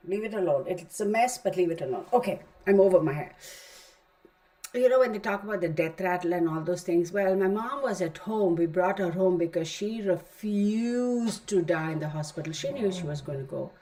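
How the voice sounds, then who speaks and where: A middle-aged woman with a Texan accent hosts a tarot stream, telling a long story with many fillers in casual livestream chat. Her voice is medium-pitched and darkish, at a moderate pace.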